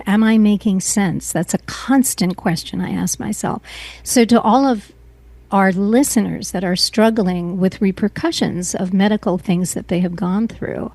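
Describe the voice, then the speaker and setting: A middle-aged woman as an interview guest, speaking earnestly and emotionally, often pausing and restarting her sentences. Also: medium pitch, darkish tone, no echo. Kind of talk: personal interview.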